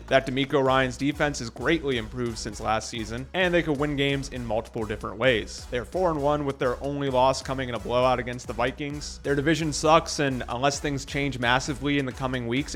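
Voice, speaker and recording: A man's voice: mid-range voice, a bit bright. A man hosting a scripted sports commentary vlog, delivering rankings with sarcastic, joking asides. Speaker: sports video host.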